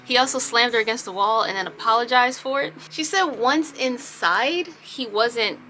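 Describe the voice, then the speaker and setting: A woman telling a storytime on her home vlog, chatty and animated. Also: fairly high pitch, normal speed, a little hiss or hum. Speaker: vlogger.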